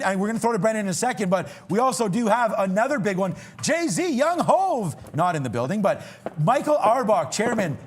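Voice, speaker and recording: A man hosting a live trading show, calling trades and thanking viewers with excited, hyped energy. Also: high-pitched. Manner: excited, hyped, rapid shout-outs. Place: TV studio trading floor.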